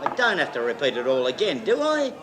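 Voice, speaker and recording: An Australian actor playing a man who tells a joke with lively storytelling in a 1970s film drama. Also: on the high side, fast, background noise. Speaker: joke teller. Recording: echoey room with crowd in an old film. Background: crowd chatter.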